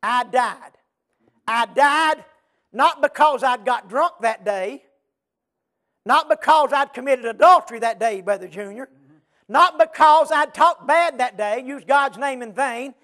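Man, very high voice, chanted sermon, sing-song refrains, breathy "uh"s. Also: measured pace, sharp tone. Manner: rhythmic sing-song preaching with repeated refrains and gasped "uh"s. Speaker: preacher.

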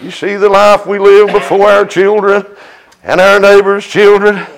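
A man's voice: sits high, little pitch movement, unhurried, creaky, poor audio. A middle-aged man, preaching a testimony sermon and breaking into chanted cries between "uh" fillers.

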